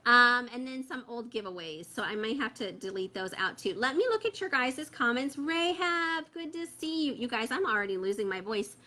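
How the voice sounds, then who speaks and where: A woman's voice: on the high side, animated, fairly quick, few pauses, bright, forceful tone. A woman hosting a parents' livestream, chatting casually with many fillers and reading viewer comments aloud, with a phone held close. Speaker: host of a parent membership group.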